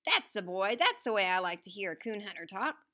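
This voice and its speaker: A woman reading the part of a kindly, excitable old grandfather with folksy country talk, in an audiobook. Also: on the low side, brisk. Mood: excited.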